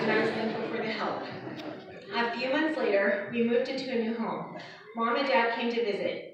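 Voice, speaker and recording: A woman reading a prepared eulogy for her father in a steady, scripted way. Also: a little high, a little hiss or hum. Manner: steady, read from a script, with light laughs. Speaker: daughter giving a eulogy. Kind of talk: prepared eulogy read aloud. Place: funeral service hall. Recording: echoey hall, far from the mic, dull.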